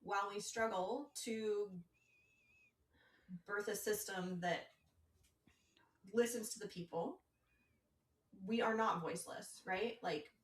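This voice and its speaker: A woman's voice: mid-range voice, steady tone. Woman talking in an echoey room. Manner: quick to interject, apologetic. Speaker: podcast co-host. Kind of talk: casual political discussion. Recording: roomy, distant mic with faint noise.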